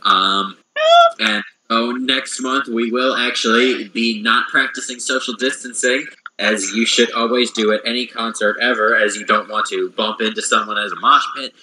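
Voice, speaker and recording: A man's voice: fairly low pitch, steady tone, normal speed. Profane man hosting a podcast over noise. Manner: profane, jokey wrap-up patter. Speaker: podcast host. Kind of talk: casual chat.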